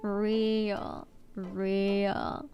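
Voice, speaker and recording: A woman with an American accent chatting casually on a livestream, excitable and playful, breaking into squeaky outbursts as she reads chat aloud. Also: drawn-out words, dull audio, music in the background. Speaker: VTuber streamer.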